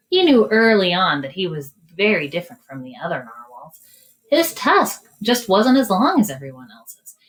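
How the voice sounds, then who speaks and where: A woman in her forties leading a children's storytime, talking gently in a sing-song way and reading a picture book aloud. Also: sits low, low-quality recording. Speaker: children's librarian. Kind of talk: storytime reading and singing for kids.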